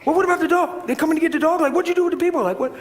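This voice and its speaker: A preacher playing a fast-talking Southern maintenance man. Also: extremely high pitch, long reverb tail, voice pushed up. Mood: excited. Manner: talks fast and urgently.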